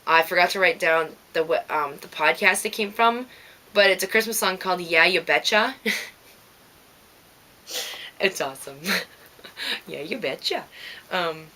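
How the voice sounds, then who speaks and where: A woman's voice: fairly low pitch, moderate pace, pauses often, bright, forceful tone. Chatty woman with a Minnesota accent. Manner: chatty, rambling, thanks listeners by name. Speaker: knitting podcast host. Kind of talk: casual chat.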